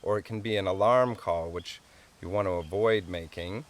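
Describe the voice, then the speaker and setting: A man with a fairly low voice walks listeners through a hands-on calling tutorial. His explanations are relaxed and homespun, and small chuckles break in often. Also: moderate pace. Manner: easygoing, chuckles often, plain folksy explanations. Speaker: wildlife calling instructor.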